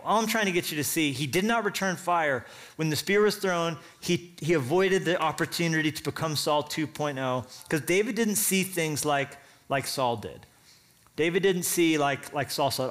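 Animated man preaching a lively sermon. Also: fairly high pitch. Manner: animated storytelling, acts out characters' lines; casual, conversational preaching with "right?" asides. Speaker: pastor.

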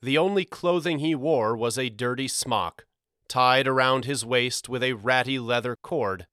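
A man narrating a storybook audiobook in a measured, expressive reading. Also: medium pitch, clear, resonant tone, dry recording, clean studio sound.

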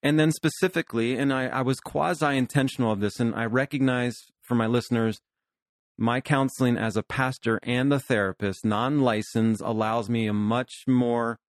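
A man's voice: medium pitch, fairly even intonation, moderate pace, no room sound. Earnest man in his fifties, dry sound. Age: 50s. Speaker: pastor and therapist, podcast host. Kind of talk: podcast conversation.

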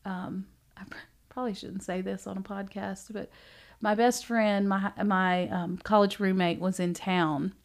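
A middle-aged woman, a bookstore owner, chatting casually as a podcast guest, animated and laughing often as she tells stories. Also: medium pitch, a little slow, few pauses. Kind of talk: casual interview chat.

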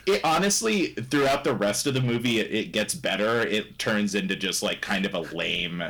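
A man's voice: on the low side, expressive, normal speed, a bit bright. A young man co-hosting a casual movie chat, rambling with restarts and laughing often. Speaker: podcast co-host reviewing a movie.

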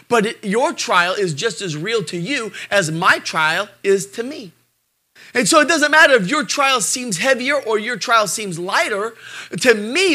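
A middle-aged male pastor preaching a sermon, surging loud and then dropping low, acting out quoted voices along the way. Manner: acts out quoted voices in asides.

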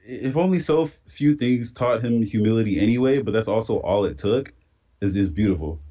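A man in casual podcast chat, talking in a relaxed, reflective, drawn-out way. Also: fairly low pitch. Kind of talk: casual chat about an anime. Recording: dull lo-fi sound.

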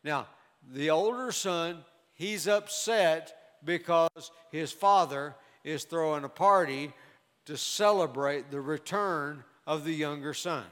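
A man preaching a sermon, explaining scripture in a measured, emphatic way. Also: fairly high pitch, a bit bright. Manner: measured, emphatic Bible exposition. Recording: long reverb of a large hall.

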